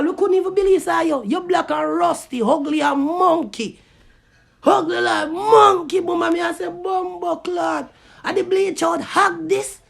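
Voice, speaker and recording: Jamaican man, high raspy-edged voice, furious cussing vlog rant, lots of yelling. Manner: loud, profane, often shouting. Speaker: vlogger. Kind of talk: angry cussing rant to camera.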